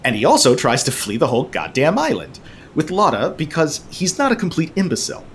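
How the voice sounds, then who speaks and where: A man's voice: fairly high pitch, wildly swooping pitch, fairly quick, slight background noise. A man hosting a podcast, recapping a movie in a casual, sarcastic, joking way with frequent swearing. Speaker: podcast host.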